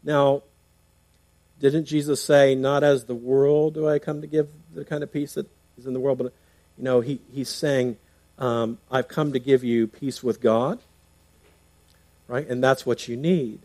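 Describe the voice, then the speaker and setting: A man's voice: medium pitch, fairly even intonation, measured pace, a little mellow, no echo. A man preaching a sermon in a conversational way, reading scripture aloud and explaining it, often restarting with fillers. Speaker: pastor.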